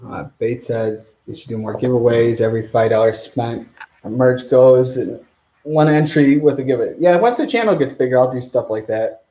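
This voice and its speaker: A man's voice: medium pitch, normal speed, mellow, dull audio. A man hosting a live stream Q&A outdoors, rambling casually as he reads out viewer comments. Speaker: channel host.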